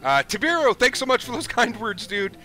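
A man's voice: very high-pitched, very animated, fairly quick, sharp tone, faint music behind. A man streaming a flight simulator, chatting casually with viewers, thanking them and reading their chat messages aloud. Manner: casual and upbeat, chatty, calls viewers dude.

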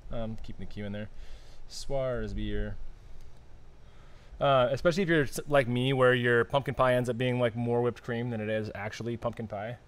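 A man's voice: mid-range voice, fairly even intonation, moderate pace, clean tone. Loose, musing man chatting on a live stream. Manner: loose, musing, trails off and restarts. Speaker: podcast co-host. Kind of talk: casual chat on a live stream.

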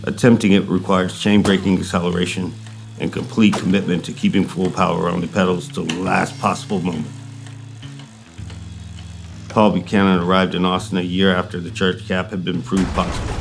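A man giving a measured, matter-of-fact scripted narration for a documentary. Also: low voice, little pitch movement, vocal fry. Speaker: narrator of the introduction. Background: guitar music.

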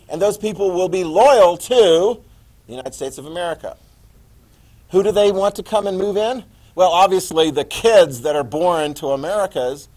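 A man teaching a history class, lecturing lively and quizzing his students as he goes. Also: high-pitched, rough recording. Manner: lively, quizzing students and repeating key words.

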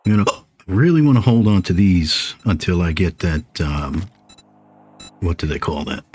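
A man's voice: low voice, normal speed, a little mellow, breathy edge. A man casually commenting on his survival game as he plays, hiccuping on and off and chatting to himself and his viewers. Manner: chatty, talks to himself while playing. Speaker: gaming video host.

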